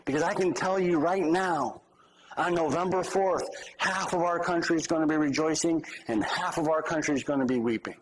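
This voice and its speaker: A man's voice: a little high, normal speed, background noise. A male pastor giving a conversational sermon with humorous asides.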